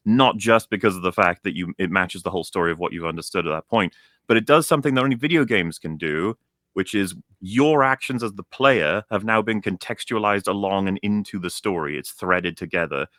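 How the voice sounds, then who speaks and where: Bright-voiced ranting man, low-pitched. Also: fairly quick, no echo, clean studio sound. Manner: animated, profane, mocks characters in put-on voices. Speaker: stream guest. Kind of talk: ranting game critique on a stream.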